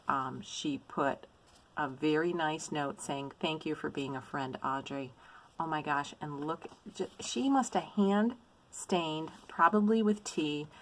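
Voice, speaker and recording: Low-pitched woman hosting a craft vlog; effusive and gushing, plenty of ums. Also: slight background noise, low-quality recording. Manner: effusive, gushing with repeated praise and many ums. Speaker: stitching vlogger. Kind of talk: casual show-and-tell of a mail haul.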